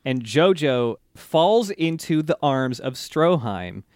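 A man's voice: a little high, big pitch swings, slow pace, a little mellow, clear, resonant tone, dry recording, studio quality. A man co-hosting a podcast, recapping an anime episode in casual, rambling chat, laughing and swearing freely. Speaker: podcast co-host.

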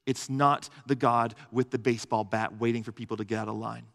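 A man's voice: mid-range voice, little pitch movement, a little fast, gravelly, fairly bright tone. A man pastor giving a sermon, earnest and emphatic, building lists of phrases to a peak. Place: church hall. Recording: long reverb of a large hall.

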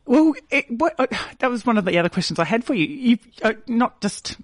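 A man hosting a community radio interview, asking halting, chatty questions. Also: very high-pitched, sing-song, no echo, studio quality. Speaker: radio host. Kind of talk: casual interview.

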